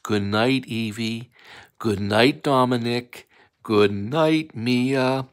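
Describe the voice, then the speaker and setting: A man's voice: mid-range voice, very slow, clean tone. A man reading a bedtime story of rhyming riddles to young children in a playful, sing-song way.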